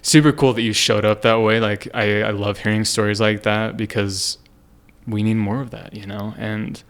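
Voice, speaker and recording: Earnest rambling young man, lowish voice. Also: flat delivery, normal speed. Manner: rambling, earnest, full of fillers and restarts. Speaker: podcast co-host. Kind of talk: casual podcast chat.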